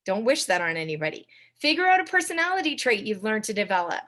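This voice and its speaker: A young woman giving a chatty coaching talk to a sales team, with quick asides to her listeners. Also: medium pitch, big pitch swings, a bit bright. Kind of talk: casual training talk on a video call.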